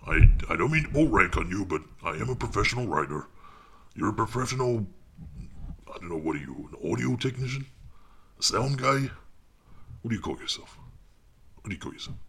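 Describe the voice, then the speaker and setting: A man's voice: deep voice, bright, forceful tone, slight background noise, exaggerated voice. An actor playing a pompous, self-important male writer who rambles and talks down to people while recording his audiobook. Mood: condescending. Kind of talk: comic monologue.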